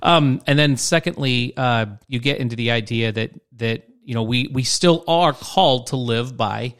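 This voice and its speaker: A man co-hosting a relaxed Bible talk show in an easygoing, conversational way. He rambles, restarts his sentences and circles back to his points, at a middling pitch. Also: moderate pace. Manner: rambling, many restarts and fillers, laughs easily. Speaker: podcast co-host. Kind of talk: casual Bible discussion chat.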